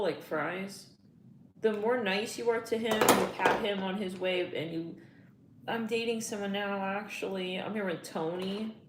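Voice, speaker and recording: A woman giving a casual tarot reading, chatty and slangy, getting emotional as she talks. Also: medium pitch. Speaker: tarot reader. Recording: echoey room, faint noise.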